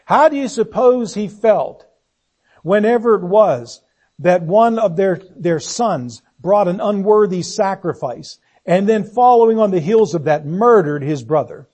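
A man's voice: sits high, expressive, a little slow, darkish tone, husky. A man preaching a sermon, earnest and searching, posing one rhetorical question after another and letting his voice sink on solemn phrases.

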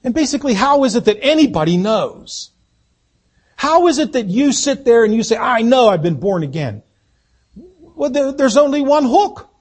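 A man delivers a church sermon in a raised, rather high voice with a husky edge. He swells on his key points and then drops to softer, conversational asides to the congregation. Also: very animated, moderate pace. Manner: preaching with rising emphasis, then dropping to quiet asides. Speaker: pastor. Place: church sanctuary.

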